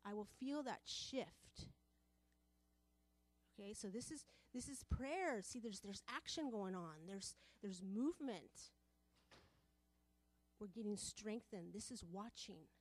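A woman's voice: mid-range voice, lively intonation, slow pace, long pauses. A woman preaching a sermon to a women's group, passionate and repetitive, building in volume as she presses her points.

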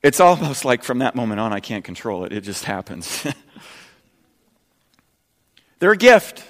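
A man in his fifties preaching a sermon earnestly, dropping soft and low, then rising loud and emphatic. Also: animated, brisk, big-room sound. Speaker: pastor.

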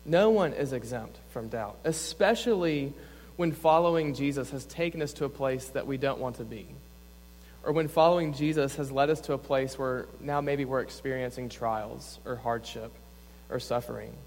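Speaking at a moderate pace in a medium-pitched voice, a young adult man who serves as a campus pastor gives an earnest, conversational sermon, frequently using "like." The church hall gives it a long reverb.

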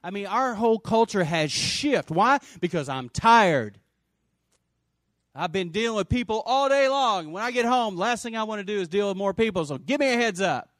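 High-voiced preacher guy, swoops all over, gets loud and shouty, dry sound. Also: moderate pace, dry recording. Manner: animated preaching with shouts and call-and-response. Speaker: pastor. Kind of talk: sermon.

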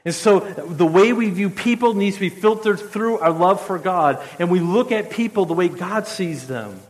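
A man's voice: sits high, normal speed, big-room sound. A man standing and preaching a sermon in a conversational way, often repeating a word as he restarts. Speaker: pastor. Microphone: standing while speaking.

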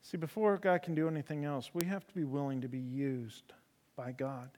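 A man preaching a sermon in folksy storytelling style with humor, swinging from loud emphasis to soft, low delivery. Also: fairly even intonation, normal speed. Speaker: preacher in a horse ministry. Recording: long hall reverb.

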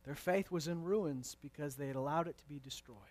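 High-pitched man preaching with emphasis. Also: brisk, no echo. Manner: emphatic, swings from loud to hushed; conversational and playful asides. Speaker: pastor. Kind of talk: sermon.

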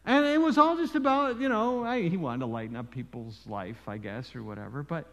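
A man preaching a sermon as pastor, telling stories in an animated way with frequent asides. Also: a little high, brisk, muffled recording. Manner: animated storytelling with frequent "you know" asides. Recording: long reverb in a large hall.

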